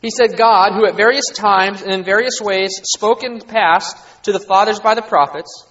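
A man's voice: sits high, fairly bright tone, muffled recording. A man teaching a Bible lesson as a preacher, earnest and emphatic, pushing his voice up to stress key points.

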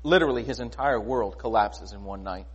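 Husky, animated male preacher. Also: lowish voice, a little fast. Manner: conversational, rhetorical questions, animated. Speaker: pastor. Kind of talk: sermon.

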